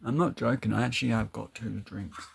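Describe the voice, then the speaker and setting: A man's voice: fairly low pitch, steady tone, fairly quick, vocal fry, a little hiss or hum. A man chatting casually to his live stream viewers, rambling a bit and laughing often. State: out of breath.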